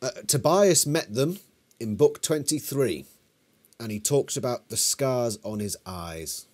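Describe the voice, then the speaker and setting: A man's voice: mid-range voice, animated, unhurried. A man co-hosting a casual watch-along chat, playful and nitpicky, with mock indignation. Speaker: co-host.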